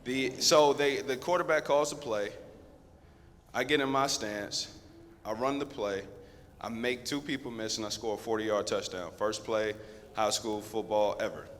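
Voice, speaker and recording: A man in his thirties, a guest speaker at a school, telling a lively story straight to the students. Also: on the low side, measured pace, slight background noise. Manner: lively, conversational, addresses the crowd directly. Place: school assembly hall. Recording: long echo of a big hall.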